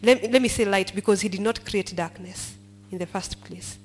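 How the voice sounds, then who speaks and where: Faint music sits behind a woman's medium-pitched voice as she leads a Bible study at a moderate pace. Moving between English and Swahili, she reads and explains verses, questions the group, and invites them to complete lines.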